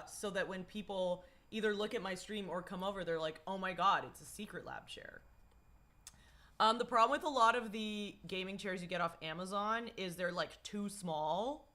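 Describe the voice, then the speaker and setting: Bright-voiced young woman streamer, hoarse. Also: medium pitch, normal speed. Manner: rambling, swears casually, greets chat. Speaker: livestreamer. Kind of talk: casual livestream chat.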